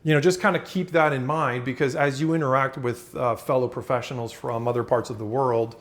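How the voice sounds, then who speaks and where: A man in the middle of a casual talking-head lesson, speaking at an everyday mid pitch. His delivery is loose and conversational, full of fillers and quick restarts. Every so often he stops to act out a short example phrase before carrying on with the explanation. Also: steady tone, fairly bright tone. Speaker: communication coach.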